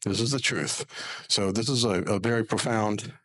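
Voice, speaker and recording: A man's voice: fairly low pitch, moderate pace, fairly bright tone, rough recording. A middle-aged man, a spiritual healer, telling stories and teaching pyramid meditation in an earnest, folksy way, often adding "right?" to his points. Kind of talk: storytelling monologue.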